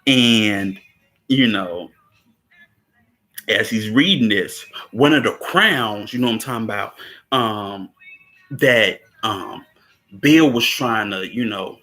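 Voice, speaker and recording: A man casually recapping a film scene, laughing often, repeating words and acting out quotes in a higher voice. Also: takes it slowly, pauses often, sharp tone, faint music behind.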